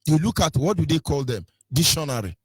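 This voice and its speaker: Animated Nigerian man preaching on radio. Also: fairly high pitch, fairly quick, slightly rough, no echo. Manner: preachy, switches into pidgin and sing-song mimicry. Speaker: radio host. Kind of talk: impassioned radio talk on culture.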